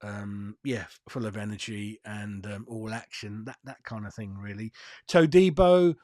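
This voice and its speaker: A man's voice: on the low side, normal speed, a little mellow. Blunt, swearing man ranting football news. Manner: blunt, profane, fired-up. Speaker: football fan channel host. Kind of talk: casual transfer news rant. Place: seated, in a dry room.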